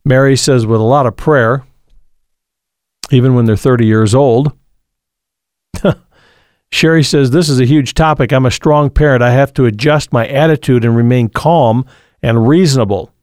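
A man's voice: medium pitch, moderate pace, long pauses, a little mellow, dry recording. Male call-in host, earnest counsel, dry close sound. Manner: earnest, advising, preacher-like. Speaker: radio show host. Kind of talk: call-in advice talk.

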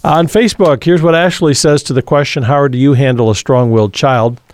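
A man's voice: medium pitch, brisk, no room sound. Male call-in host, earnest counsel, dry close sound. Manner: earnest, advising, preacher-like. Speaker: radio show host. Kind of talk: call-in advice talk.

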